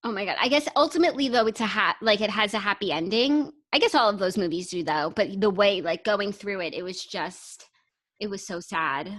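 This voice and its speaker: A woman's voice: mid-range voice, expressive, fairly quick, a bit bright. Young female co-host, enthusiastic casual chat, middle-range voice. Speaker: podcast co-host.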